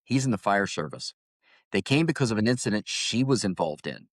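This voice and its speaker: A middle-aged man, a retired highway patrol officer, telling stories in a casual interview and often repeating words as he starts a thought. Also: brisk, no room sound, clean studio sound. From Ohio, United States. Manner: storytelling, animated, repeats words when starting.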